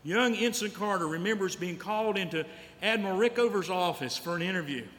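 A pastor preaches a sermon in a church sanctuary, telling stories and repeating key lines for emphasis. His voice is high-pitched and fairly bright, and he speaks a little fast. The hall adds reverb, with faint noise underneath.

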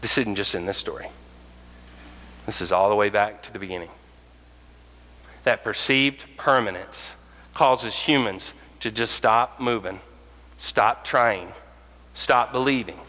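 A man delivers a sermon as pastor, his lowish voice bright and forceful. He animates his stories by acting out the voices of the people in them. The sound carries the long reverb of a large hall. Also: a little slow, long pauses. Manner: animated, acts out quoted voices.

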